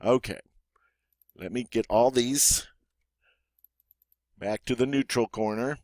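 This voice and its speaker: A man with a Southern American accent teaching a grammar lesson in an encouraging way, stretching out the example words slowly. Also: medium pitch, a little mellow, no echo. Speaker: French teacher. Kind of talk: classroom-style grammar lesson.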